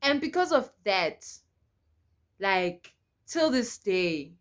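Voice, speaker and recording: A young South African woman telling a personal story to her viewers in an animated, emphatic way, repeating lines for effect. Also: medium pitch, slow pace. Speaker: storytime vlogger. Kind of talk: casual storytelling to camera.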